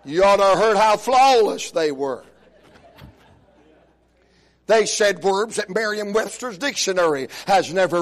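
An older man preaching a humorous sermon, telling folksy stories and rising into shouted praise. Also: high-pitched. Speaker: pastor.

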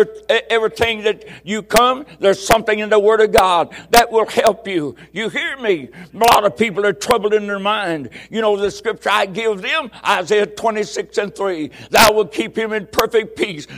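An older man preaching a fiery revival sermon, repeating words and rising into shouted bursts. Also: sits high. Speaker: guest preacher.

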